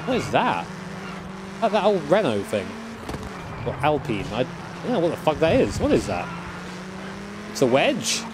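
A man's voice: on the high side, huge pitch swings, normal speed, pauses often. A man casually chatting with his live-stream chat, joking and swearing as he plays a racing game. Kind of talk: live-stream gaming commentary. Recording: game car noise behind. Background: racing game engine sounds.

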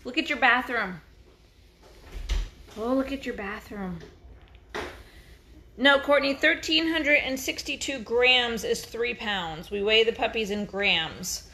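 A woman's voice: on the high side, animated, slow, pauses often, sharp tone, a little hiss or hum. A woman vlogging on her farm, chatting casually and cooing at her dogs in a singsong voice, laughing easily. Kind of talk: casual talk to dogs and camera.

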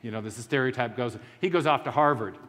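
A man's voice: mid-range voice, brisk, fairly bright tone. A man giving a public lecture as anecdotal storytelling, with frequent restarts and self-deprecating humor. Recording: long hall reverb.

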